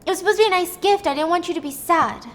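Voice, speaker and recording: A woman voicing a shocked middle-aged mother who fires off frantic questions in a raised, high voice. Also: racing. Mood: pleading.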